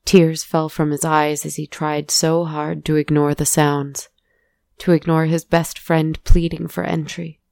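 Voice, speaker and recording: Low, creaky woman telling a story. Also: little pitch movement, measured pace, a little mellow, no room sound. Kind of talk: scripted story narration.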